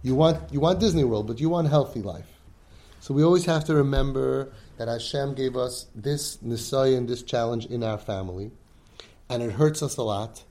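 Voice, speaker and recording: Addressing siblings in a support group he leads, an emphatic man gives an impassioned talk in a dark, mid-range voice at normal speed. He sprinkles in Yiddish and Hebrew words and acts out the pleas of children.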